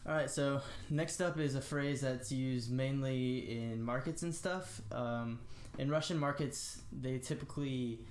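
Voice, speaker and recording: A young American man giving a casual spoken language lesson, slowly demonstrating phrases with lots of "uh" and "um". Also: mid-range voice, fairly even intonation, roomy sound, slight background noise. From United States. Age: young adult. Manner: slow, careful demonstration of phrases with frequent fillers. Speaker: language tutor.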